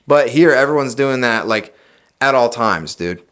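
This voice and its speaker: A young man on a podcast, talking in a loud, preachy, emphatic way and swearing freely in casual chat. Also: medium pitch, expressive, a little slow. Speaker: podcast guest.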